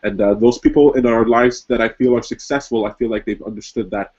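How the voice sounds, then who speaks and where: A man's voice: mid-range voice, fairly even intonation, a little fast, darkish tone, slightly rough, muffled recording. A man hosting an online talk, speaking reflectively with many fillers while a little under the weather. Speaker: host. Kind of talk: casual motivational talk. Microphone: video call.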